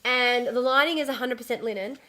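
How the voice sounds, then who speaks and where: A woman's voice: fairly high pitch, brisk, bright, forceful tone. A woman live-streaming casually from home, talking in a chatty, easily distracted way, swearing and restarting her sentences.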